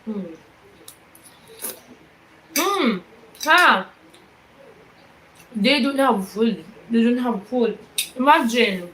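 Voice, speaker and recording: A woman with a Filipino accent chatting on a livestream, halting and repeating herself as she greets viewers mid-story. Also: a little high, animated, a bit bright, slight background noise, poor audio. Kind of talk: casual livestream chat.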